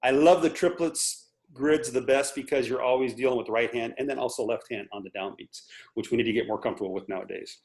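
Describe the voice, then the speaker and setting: A man in his sixties giving a casual drum lesson over a video call, animated and counting off patterns as he explains them. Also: mid-range voice, quick pace, roomy sound. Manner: animated, talks through patterns while counting off. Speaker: drum instructor.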